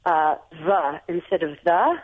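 An American woman speaking as a guest on a radio call-in show, heard over a thin, tinny phone line. She talks chattily at a medium pitch and often restarts her sentences as she thinks aloud. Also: expressive, brisk. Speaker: guest author.

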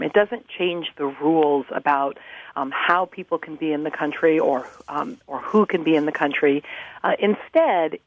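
A woman's voice: sits low, no room sound. Woman academic calling in, tinny phone line, dry, lots of ums while she thinks. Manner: thoughtful, many ums and uhs, restarts. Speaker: professor and guest commentator. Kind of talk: phone-in interview answers. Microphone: telephone.

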